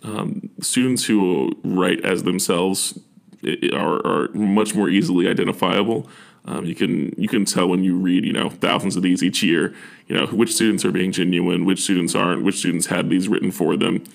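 Low gravelly man giving earnest advice. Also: steady tone, moderate pace. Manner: earnest, encouraging, with many fillers and restarts. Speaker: university admissions officer. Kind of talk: casual advice talk.

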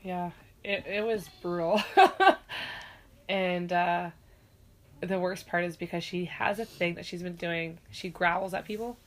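A woman's voice: on the low side, steady tone, a little slow. A woman, a mother, chatting casually and candidly, swearing freely and acting out quoted lines. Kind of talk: casual chat.

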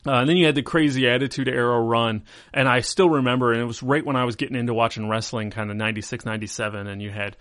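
A man's voice: medium pitch, steady tone, quick pace, fairly bright tone, no room sound. Rambling man on a dry podcast mic. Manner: rambling, filler-heavy storytelling. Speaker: podcast host. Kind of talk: casual chat.

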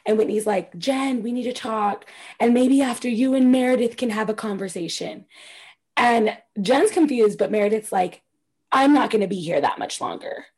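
Husky woman gossiping animatedly. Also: a little high, moderate pace. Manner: animated, swearing, acts out quotes with loud squeals. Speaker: podcast co-host recapping reality TV. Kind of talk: casual chat.

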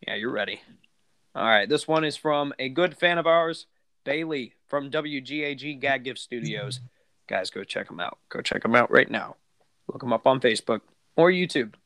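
A man's voice: mid-range voice, moderate pace, fairly bright tone, no room sound. A man hosting a podcast in casual chat, rambling with lots of fillers and restarts. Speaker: podcast host.

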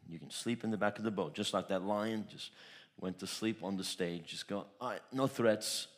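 A man preaching a sermon as pastor, storytelling with repeated phrases and swinging between loud declarations and soft asides. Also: sits low, steady tone, a little fast.

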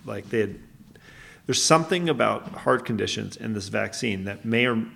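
A man's voice: fairly low pitch, expressive, normal speed, vocal fry, fairly bright tone. A man co-hosting a podcast, talking casually and rambling through stories, often correcting himself. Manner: rambling, self-correcting storyteller. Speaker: podcast co-host. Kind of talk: casual chat.

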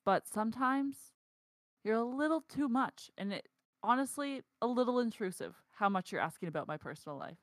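A woman's voice: on the high side, lively intonation, moderate pace, no echo. A woman co-hosts a casual coffee podcast, speaking frankly about customers. Her voice sits in the middle range. The recording is dry and close. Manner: frank, exasperated venting. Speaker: podcast co-host, barista. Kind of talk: casual chat.

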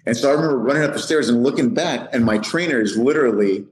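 A middle-aged man, a police sergeant, telling a lively story as a podcast guest, often laughing. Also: mid-range voice, fast talker, roomy sound, rough recording. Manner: lively, laughing anecdote teller. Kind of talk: animated storytelling.

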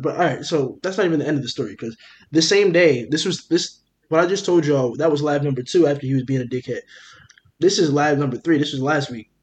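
A young man, a podcast co-host, telling a story in casual chat, animated and profane, acting out what everyone said. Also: on the high side. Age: young adult. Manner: animated, profane, rapid retelling with quoted dialogue.

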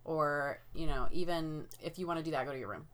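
A young woman in casual conversation, her voice sitting a little low. She rambles easily, threading her thoughts with "like" and "you know.". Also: a little fast, fairly bright tone. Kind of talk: casual chat.

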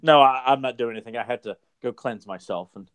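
A man's voice: medium pitch, fast, crowd noise. A man co-hosting a casual podcast chat, joking and teasing his friends. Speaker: podcast co-host.

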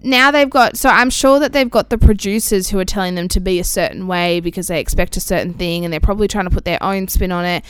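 Female radio co-host, smooth clear voice, level-headed and chiding, dry studio mic. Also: mid-range voice, fast talker, hardly any pauses, a bit bright, no echo. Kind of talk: casual on-air banter. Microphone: studio microphone.

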